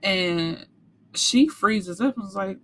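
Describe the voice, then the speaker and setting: A woman's voice: medium pitch, slow pace, a bit bright, slight background noise. A woman reviewing a book in a casual recap, talking candidly with some cursing and acting out characters' lines.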